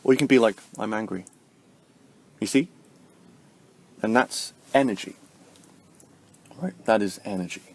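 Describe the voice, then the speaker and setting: A man vlogging about spirituality in a casual, rambling way, tagging "right?" onto his points and jumping up in pitch for emphasis. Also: normal speed, long pauses. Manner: rambling, heavy use of fillers like "like" and "right?"; swings sharply up in pitch and loudness to stress points. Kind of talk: casual spoken explanation to camera.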